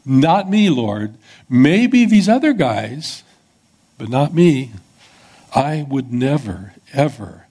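A man's voice: mid-range voice, sing-song, slow, warm tone, husky, pitched above the performer's own voice, full character voice. A preacher acting out a fervent, pleading male disciple. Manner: pleading, insistent protest. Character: earnest, fervent male disciple vowing loyalty. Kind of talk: acted-out scripture in a sermon.

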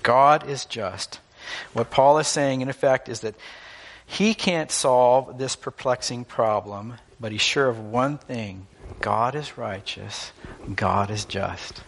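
A man preaching in an earnest, emphatic manner, explaining ideas through stories. His voice sits at an ordinary middle pitch, and he delivers the sermon steadily. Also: takes it slowly, a bit bright. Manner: earnest, emphatic, illustrating with stories and acted quotes.

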